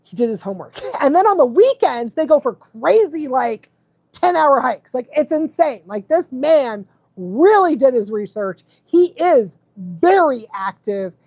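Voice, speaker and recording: A woman's voice: sits high, very animated, a little slow, a little mellow, no echo. A woman dog trainer giving casual live advice, chatty, often laughing and checking in with the listener.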